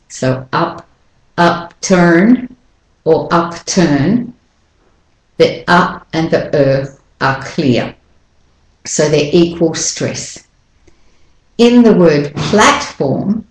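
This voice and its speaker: A woman giving a spoken pronunciation lesson, slowly and carefully demonstrating individual sounds and syllables. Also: sits low, echoey room, low-quality recording. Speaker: pronunciation teacher.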